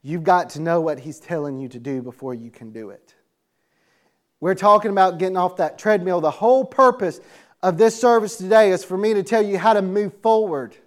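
A man's voice: high voice, normal speed. A man preaching to young people, acting out a Bible story with audience helpers and laughing along. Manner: lively, laughing, calls on audience members. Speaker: youth pastor. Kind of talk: animated sermon with acted-out bible story.

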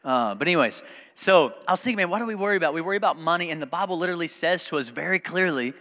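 A man's voice: fairly high pitch, lively intonation, very fast, sharp tone, long reverb tail. A male pastor preaching a sermon in a conversational, joking way that builds to emphatic preaching, recorded in a church sanctuary.

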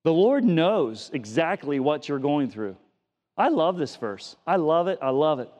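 A man's voice: fairly high pitch, very animated, a little slow, a little mellow. A middle-aged male preacher giving a conversational sermon, often repeating words and telling stories from his own life. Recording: long reverb of a church hall.

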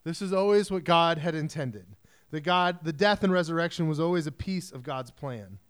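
A man's voice: fairly high pitch, normal speed, fairly bright tone, clear, resonant tone. A man preaching a sermon in a casual, conversational way, mixing scripture reading with chatty asides. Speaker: pastor.

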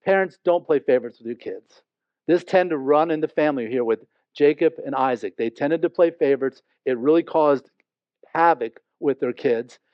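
Animated high-voiced male preacher. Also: dry recording, dull audio. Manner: animated, acts out quoted speech. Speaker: pastor. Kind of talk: expository sermon.

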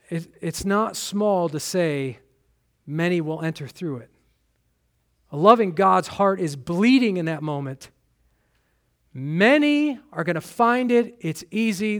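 Male pastor, high-pitched, delivering an urgent, pleading sermon. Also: animated, measured pace. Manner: urgent, pleading, rising to emphatic questions.

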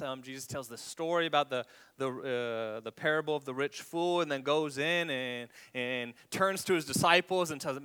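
A man's voice: medium pitch, moderate pace, hardly any pauses, pushed and bright, smooth. A male pastor preaching a sermon, often repeating words as he searches for them and dropping to a whisper. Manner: stumbling repeats, dramatic drops to a whisper.

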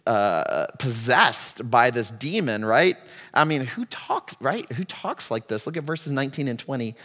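A man preaching a sermon as pastor, moving from quiet, reflective passages to loud, impassioned ones. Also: on the high side. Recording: long hall reverb.

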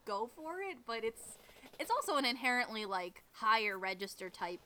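A woman from the northern United States co-hosts a casual chat podcast outdoors behind a garage, her fairly high voice sing-song and sharp at a moderate pace. She giggles and laughs a lot and fills her speech with fillers.

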